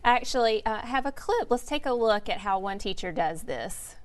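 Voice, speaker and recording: A woman hosting an educational webinar, speaking in a measured, scripted way. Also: on the high side, expressive, a crowd in the background. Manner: measured, reads from a script with fillers. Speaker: webinar host.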